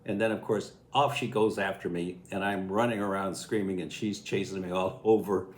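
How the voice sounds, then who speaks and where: An Illinois man in his eighties recalls his farm childhood, telling the story in a lively, folksy way and chuckling as he goes. His low voice moves at a moderate pace in an echoey room, with slight background noise, in a casual spoken memoir.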